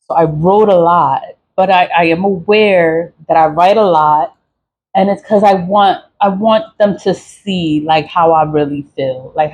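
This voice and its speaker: A woman's voice: on the low side, darkish tone, slightly rough, poor audio. A woman venting in a casual, profane monologue, repeating herself and laughing between lines. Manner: angry, profane, repetitive venting. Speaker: vlogger.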